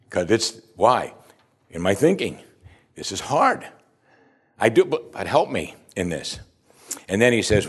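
Guy with a lowish voice preaching, reads scripture then chats about it, keeps asking the room questions. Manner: conversational, asks the listeners rhetorical questions; reads scripture aloud and stops to comment. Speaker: pastor. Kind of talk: sermon.

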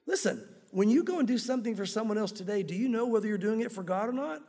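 A pastor with a strikingly high, darkish voice preaches earnestly and directly, often turning to his listeners with questions. He is animated, speaks quickly with hardly any pauses, and his words fade into a large hall's long reverb.

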